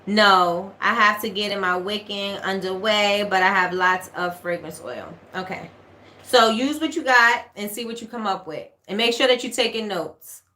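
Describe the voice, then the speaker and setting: Bright-voiced New York woman chatting live. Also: mid-range voice, normal speed, echoey room. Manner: chatty, repeats herself, reads out viewer comments. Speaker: livestream host, candle maker. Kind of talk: casual livestream Q&A. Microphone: webcam or phone livestream.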